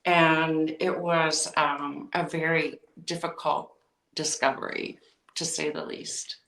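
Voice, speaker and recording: A woman's voice: low-pitched, little pitch movement, slow, gravelly, fairly bright tone, distant mic. Woman telling her story in a roomy room. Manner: emotional, recounting with quoted dialogue. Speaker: podcast guest. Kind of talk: personal storytelling in a podcast interview.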